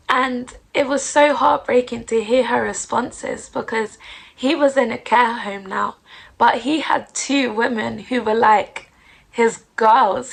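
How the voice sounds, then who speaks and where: A woman's voice: fairly high pitch, creaky, low-quality recording. A woman hosting a podcast, giving an earnest, heartfelt devotional reflection. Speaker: podcast host.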